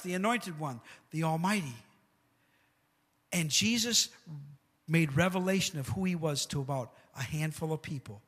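A man preaching a sermon with animated asides like "come on" and "amen," retelling scripture stories in a casual voice. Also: on the high side, moderate pace. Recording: long hall reverb.

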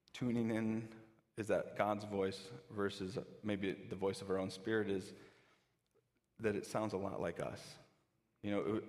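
A man's voice: on the low side, long reverb tail. A pastor giving a conversational sermon, often restarting his sentences.

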